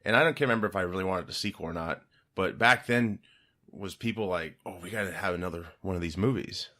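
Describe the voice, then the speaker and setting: A man's voice: low voice, fast talker, pushed and bright. A man co-hosting a casual geek podcast, chatting and laughing often. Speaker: podcast co-host. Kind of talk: casual chat.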